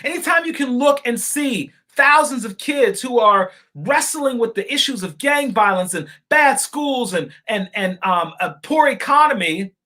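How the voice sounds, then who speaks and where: A man hosting a political live stream, talking straight to his viewers and reading their comments, fervent and repetitive, swinging from loud outbursts to quiet asides. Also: extremely high pitch, lively intonation, a little slow, hardly any pauses. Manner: addresses viewers directly as y'all and folks.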